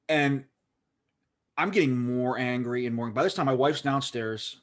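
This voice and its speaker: Pittsburgh man, podcast co-host, animated rambling storyteller, middle-pitched voice. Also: measured pace. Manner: rambling, animated, lots of "like" fillers. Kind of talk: casual storytelling chat.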